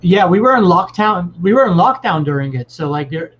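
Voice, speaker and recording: A film composer explaining his remote work on a video call, relaxed and matter-of-fact. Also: high-pitched, a little fast. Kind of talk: casual chat on a video call. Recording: muffled lo-fi with faint hiss.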